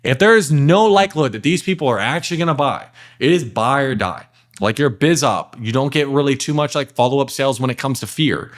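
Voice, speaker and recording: A young man running a sales lesson in a plain, blunt way, with many fillers between points. His voice sits at an ordinary middle pitch. Now and then he acts out what he would say to a client. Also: animated, fairly quick. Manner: direct, blunt, talks to the viewer with frequent fillers. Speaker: sales trainer. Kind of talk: casual instructional talk with role-play examples.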